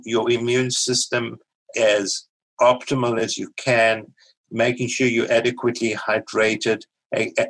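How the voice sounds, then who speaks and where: South African doctor explaining calmly. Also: male voice, medium pitch, poor audio. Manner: measured, explanatory, with small restarts. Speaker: guest physician. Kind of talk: podcast interview, explaining.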